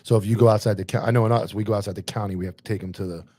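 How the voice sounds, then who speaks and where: A man in his forties, a police officer hosting a casual chat, telling animated stories about the job with swearing. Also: on the low side, rapid-fire, dry recording, studio quality. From Florida. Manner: swearing, animated war stories with acted quotes. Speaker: podcast host and police officer.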